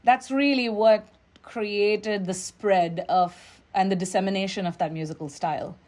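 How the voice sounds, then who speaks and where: A woman from Nigeria, a musician and educator, speaking as an interview guest, reflective, with stories and quick quoted asides. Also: medium pitch, fairly even intonation, darkish tone. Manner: reflective, storytelling, quoting others in quick asides. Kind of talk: interview conversation.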